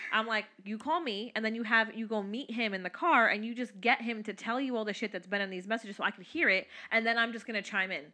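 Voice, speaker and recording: A woman's voice: on the high side, fairly quick, sharp tone. A woman in her thirties co-hosting a casual podcast with her co-parent, telling stories, acting out quoted voices and swearing freely. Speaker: podcast co-host, mother. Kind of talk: casual storytelling chat.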